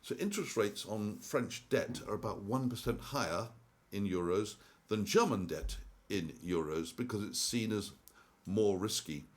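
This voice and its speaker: Brief: older male commentator, very low voice, meandering storyteller, frequent fillers. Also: lively intonation, unhurried. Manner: rambling, with many ums and restarts. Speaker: investment commentator. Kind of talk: casual monologue.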